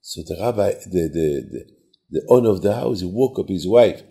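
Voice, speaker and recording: A man giving a sermon in simple, halting speech, often repeating words and asking rhetorical questions. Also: low-pitched, dark tone.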